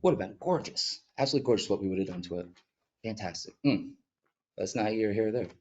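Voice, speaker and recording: A man who is a mural artist, speaking earnestly and with emotion at a village board meeting, sometimes halting as he gets choked up. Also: lowish voice, lively intonation. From upstate New York. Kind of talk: emotional public comment. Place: public meeting room.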